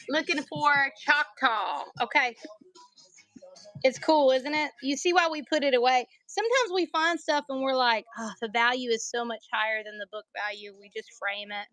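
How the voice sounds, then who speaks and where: Woman, country accent, livestream seller, jokey and chatty with viewers, high voice. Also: normal speed, sharp tone, no room sound, soft background music. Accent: American country. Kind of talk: casual live sales chat.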